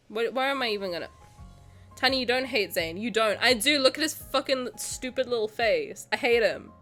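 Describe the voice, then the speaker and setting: A woman's voice: on the high side, fairly bright tone. A woman streamer swearing playfully and ranting in mock anger while she plays a game and chats with her audience at home. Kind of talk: live-streamed game play with chat.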